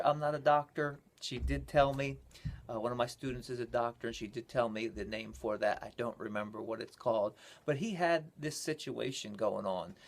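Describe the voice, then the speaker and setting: A male pastor telling near-death testimonies in a sermon, swinging from quiet asides to loud, excited retelling. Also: fairly high pitch. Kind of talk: sermon storytelling.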